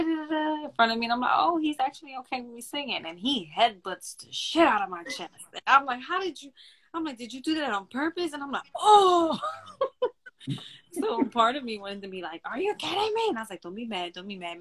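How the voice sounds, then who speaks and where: A woman's voice: mid-range voice, a bit bright. A woman who is a mother, co-hosting a podcast and chatting casually as she tells a story, quoting herself and her child. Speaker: podcast co-host. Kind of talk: casual spiritual chat.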